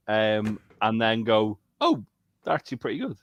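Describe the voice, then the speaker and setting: A man with a Liverpool accent chatting as a podcast guest, joking and stammering, often trailing off low. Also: big pitch swings, normal speed. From Liverpool, England. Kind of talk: casual podcast chat.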